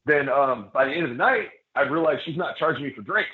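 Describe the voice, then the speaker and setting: A man's voice: fairly high pitch, animated, quick pace. Casual man telling a rambling story, echoey phone-like sound. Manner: rambling, laid-back, many fillers and restarts. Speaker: professional wrestler guest.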